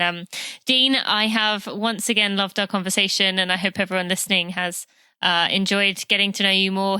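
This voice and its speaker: A woman's voice: mid-range voice, sharp tone, smooth, dry recording. A woman hosting a podcast interview, chatty and playful, laughing easily. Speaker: podcast host. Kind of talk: casual interview chat.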